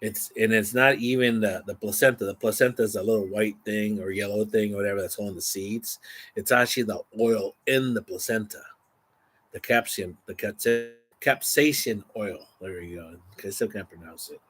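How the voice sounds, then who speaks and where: A man vlogging, telling a rambling, animated story casually to the camera. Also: lowish voice, brisk, slightly rough. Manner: rambling, animated, exaggerating for effect.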